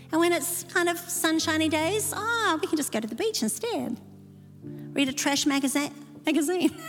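A woman pastor preaching a sermon to a women's gathering, emphatic and repeating key phrases. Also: high voice. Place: large church hall. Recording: long hall reverb, soft music behind.

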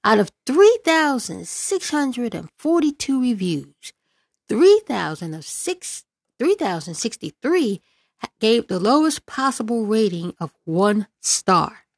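A woman's voice: fairly high pitch, very animated, slow, no echo. A woman political commentator who reads out news, then rants in a sarcastic, exasperated way, repeating words for emphasis.

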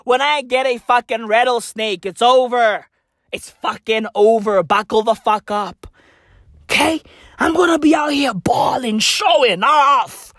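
A South African man delivering a profane comedic rant straight to camera, animated and bursting into shouts. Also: extremely high pitch, dry recording, clean studio sound.

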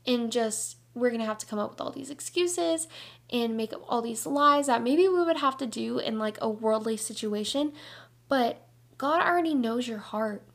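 A young woman hosting a Christian devotional podcast, talking in an earnest, energetic, chatty way with lots of casual fillers. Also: fairly high pitch, moderate pace, gravelly. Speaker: podcast host.

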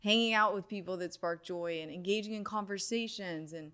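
A young woman, a sound healer, talks through a personal story in a relaxed interview. Her pitch sits in the middle range, and she keeps things animated and full of "like"s. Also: brisk. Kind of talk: casual interview talk.

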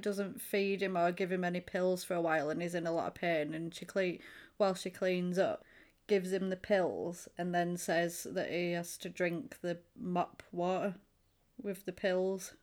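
A woman's voice: lowish voice, measured pace. A woman, co-hosting a podcast and animatedly retelling a film in casual chat. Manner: chatty, animated storytelling.

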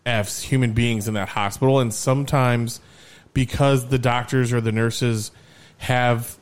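A man hosting a podcast, telling stories in a lively, casual way and swearing freely. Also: mid-range voice, unhurried, clear, resonant tone. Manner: animated storyteller, swears freely. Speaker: podcast host.

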